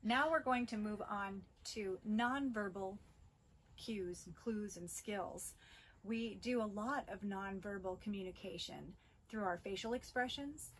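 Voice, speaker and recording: A middle-aged woman presenting a school bus safety training video in a measured, instructional way, with the occasional filler. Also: mid-range voice, slight background noise, rough recording.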